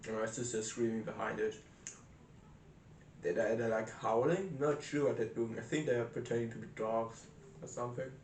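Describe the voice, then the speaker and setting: A man's voice: mid-range voice, fairly even intonation, normal speed, reverberant, recorded from a distance, slight background noise. A young man rambling casually in a vlog, hesitant, with many restarts and fillers, in a small room. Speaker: vlogger. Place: small room indoors by a window. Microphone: camera set up close in a cramped room.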